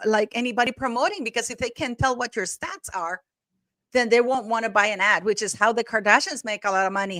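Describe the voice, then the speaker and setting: A woman's voice: fairly high pitch, a bit bright, no echo. Chatty woman hosting a livestream. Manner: rambling, chatty, many restarts and effusive thank-yous. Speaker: livestream host. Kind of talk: casual livestream chat.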